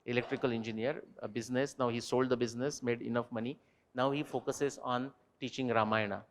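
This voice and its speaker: A man answering student questions at a university talk, animated and digressive, turning to quiz the audience directly. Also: medium pitch, brisk, long reverb tail, slight background noise. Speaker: invited speaker. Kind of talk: lecture Q&A with students. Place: university lecture hall.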